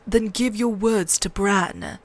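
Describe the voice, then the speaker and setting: A woman reading aloud, voicing an earnest, somber young man who keeps watch on a frozen wall, in a quiet, low-key way. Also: takes it slowly. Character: earnest, somber young male sworn brother.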